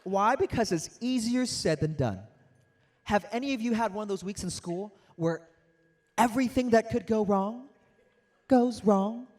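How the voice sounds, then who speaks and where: A young adult man giving an animated, interactive motivational speech to a youth audience, telling stories and acting out quotes. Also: sits high, measured pace. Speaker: motivational speaker.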